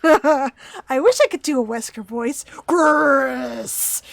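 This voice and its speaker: Brief: a playful woman streamer, fairly high voice, reading game text slowly with joking asides. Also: sing-song, no room sound. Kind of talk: game playthrough with read-aloud text.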